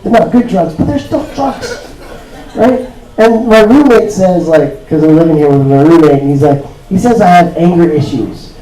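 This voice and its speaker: A man from Toronto performing a stand-up comedy set, telling stories deadpan and acting out the other people's voices. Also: on the high side, normal speed. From Toronto, Canada. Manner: deadpan storytelling with acted-out voices. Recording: roomy club sound, mic heard from a distance. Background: audience laughter.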